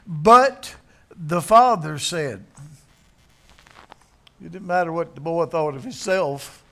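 A man's voice: sits high, measured pace, sharp tone. A man preaching a sermon, telling a story in a folksy way and acting out its characters. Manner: folksy, acts out voices in the story.

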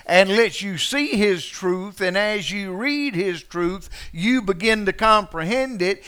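Folksy preacher man, bright clear voice. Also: high voice, expressive, slow pace. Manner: preaching with swings from quiet asides to loud, passionate acted quotes; folksy, conversational, asks the congregation questions. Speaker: pastor. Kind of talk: sermon.

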